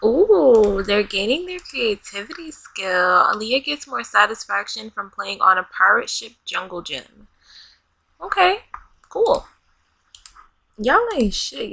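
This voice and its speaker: Young woman gamer, bright and gravelly, unhurried, playful commentary with lots of laughter. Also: a little high, dry recording, poor audio. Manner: loud, laughing, playful, talks back to the game characters in slang. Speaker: gaming YouTuber. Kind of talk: casual let's-play commentary.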